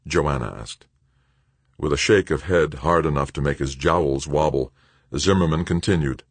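A man reads a novel aloud in a low, husky voice whose pitch moves expressively. He keeps a measured storytelling pace. The recording is close and dry. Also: dry recording. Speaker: audiobook narrator. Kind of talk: scripted narration.

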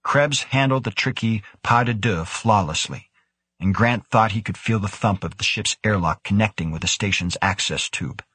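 In a steady, measured read of scripted audiobook narration, a male narrator uses a low, slightly husky voice. It's recorded dry and close, with no room sound and no echo.

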